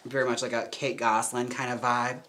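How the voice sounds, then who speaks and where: A man streaming live as a drag performer and wig stylist, trying on wigs and chatting in a campy way with quick laughing asides. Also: mid-range voice, flat delivery, a bit bright. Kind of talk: casual live-stream chat.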